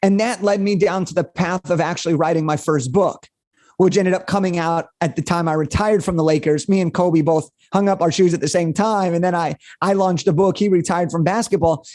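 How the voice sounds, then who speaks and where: A young man, a guest on an interview podcast, telling a personal story in an energetic, animated way. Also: high voice, no echo, studio quality.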